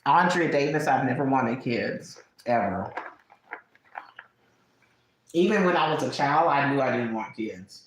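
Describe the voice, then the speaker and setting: Her voice is very deep, lively and unhurried, with long pauses and a slight hiss or hum in the recording. She's a woman in her late thirties running a casual live stream, talking frankly to viewers at home while laughing often and eating snacks, all in a very echoey room.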